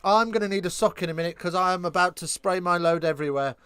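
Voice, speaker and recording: A man with an English accent doing casual live match commentary, trading cheeky, crude banter with chat between excited calls of the play. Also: high voice, quick pace, smooth, dry recording. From England.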